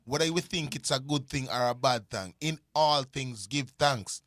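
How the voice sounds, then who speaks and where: A man's voice: medium pitch, moderate pace, fairly bright tone, no echo, clean studio sound. Earnest musician man preaching gratitude. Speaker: musician guest. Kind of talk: casual chat.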